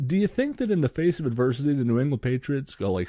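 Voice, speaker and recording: A man's voice: medium pitch, sing-song, a little fast, hardly any pauses, dark tone, no room sound. A young man, co-hosting a podcast and ranting sarcastically about sports, swearing freely. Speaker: podcast co-host. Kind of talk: solo sports podcast rant.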